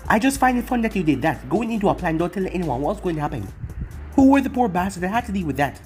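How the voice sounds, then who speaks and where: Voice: mid-range voice, very animated, fast, a little mellow, faint music behind, close to an everyday voice. A narrator voicing a flirty, teasing female ninja interrogator in a playful manner.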